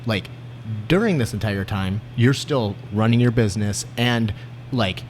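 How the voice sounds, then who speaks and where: A man's voice: on the low side, measured pace, slight background noise. A man hosting a podcast in casual chat, jokey and profane, laughing often. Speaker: podcast host.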